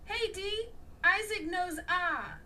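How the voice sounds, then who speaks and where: A woman's voice: very high-pitched, slow, sharp tone, distant mic, slight background noise, pitched above the performer's own voice, heavily acted. A woman reading the part of a friendly boy hero in a storybook, with simple, matter-of-fact lines. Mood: casual.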